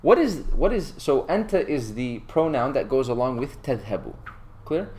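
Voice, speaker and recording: A man's voice: medium pitch, sing-song, a little fast, a little mellow, a little hiss or hum. A man teaching an Arabic class, quizzing his students and reading Arabic lines aloud.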